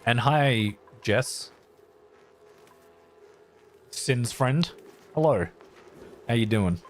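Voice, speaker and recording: A man's voice: mid-range voice, lively intonation, drawn-out words, a little hiss or hum. A man casually live-streaming a game, thinking aloud as he builds and chatting playfully with his viewers.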